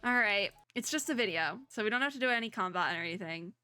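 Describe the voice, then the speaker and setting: A woman streamer reacting to a game's story and reading its dialogue aloud, bubbly and gushing, often laughing and squealing when excited. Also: medium pitch, fast talker, smooth, no echo, soft background music. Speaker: VTuber streamer.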